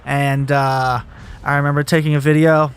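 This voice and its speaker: A man's voice: on the high side, flat delivery, normal speed, smooth, dry recording. A young man in his twenties telling a story about dropping out of school in a casual podcast chat, swearing freely.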